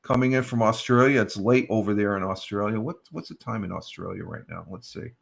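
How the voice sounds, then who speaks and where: A man's voice: on the low side, a little fast, gravelly. Rambling American man hosting a live stream. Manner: rambling, many ums and uhs, friendly shout-outs. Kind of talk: casual morning chat, thanking chat viewers.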